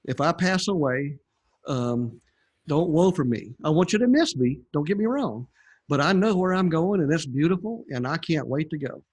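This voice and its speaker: A man's voice: on the high side, lively intonation, normal speed, breathy edge. An older man, a podcast guest, telling his story in a rambling, conversational way with many fillers. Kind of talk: conversational testimony.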